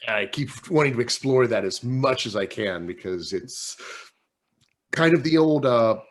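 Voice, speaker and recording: A man's voice: mid-range voice, lively intonation, measured pace. A man who is a guest on a casual panel chat, talking eagerly with many fillers.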